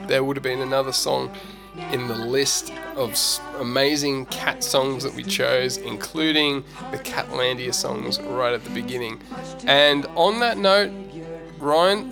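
A man hosts a podcast in a playful, rambling way. His mid-range voice carries a gravelly rasp. Music plays clearly in the background. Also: medium pitch. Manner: chatty, playful, halting with fillers. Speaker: podcast host. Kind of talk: casual podcast chat.

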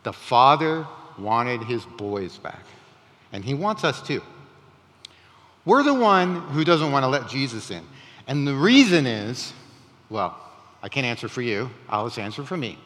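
A man preaching a sermon in a conversational, animated way, with rising emphatic questions. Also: medium pitch, measured pace, long reverb tail. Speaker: pastor.

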